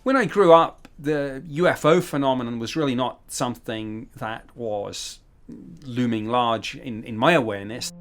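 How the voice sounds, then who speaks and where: Measured matter-of-fact guy in an interview, faint music behind. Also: medium pitch. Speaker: former defence official interviewee. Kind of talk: interview recollection.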